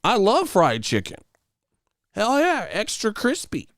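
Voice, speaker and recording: A man's voice: sits high, wildly swooping pitch, slow, dry recording, clean studio sound, voice pushed up, full character voice. A man voicing an eager, nerdy male online commenter who tries too hard, in a mocking put-on voice. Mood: over-eager. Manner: over-eager, chirpy, trying too hard.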